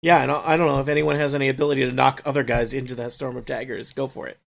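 A man's voice: medium pitch, level tone, racing, creaky. A man playing a tabletop game, thinking aloud hesitantly with lots of ums as he explains his spell. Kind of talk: casual tabletop game talk.

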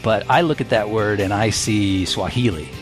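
A man's voice: on the low side, moderate pace, over music. A man hosting a comedic podcast word game, joking and laughing often. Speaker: game show host.

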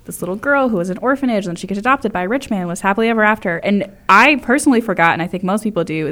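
A woman co-hosting a casual chat about musicals, animated and incredulous. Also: mid-range voice. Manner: animated, incredulous, quick to laugh. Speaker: podcast co-host.

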